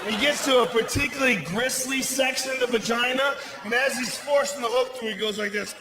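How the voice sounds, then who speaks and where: A stand-up comedian shouts his way through a crude story in a very high, strained register. His voice rings through a big roomy theater, with the crowd's noise clearly under it. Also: a little fast, hardly any pauses. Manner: loud, profane, animated storytelling with shouted punchlines. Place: large theater stage. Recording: roomy live theater sound with audience noise.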